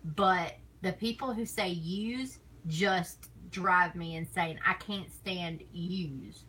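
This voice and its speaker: A woman's voice: lowish voice, slow pace, bright, forceful tone, breathy edge, rough recording. A woman with a Southern US accent chatting casually on a live stream, laughing often and teasing. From American South.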